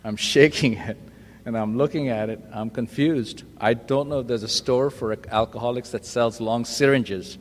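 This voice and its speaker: A man's voice: mid-range voice, moderate pace. A man giving a humorous personal testimony at a recovery meeting, self-deprecating and acting out the voices in his stories. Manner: self-deprecating storyteller, acts out quoted voices. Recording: live talk in a reverberant hall.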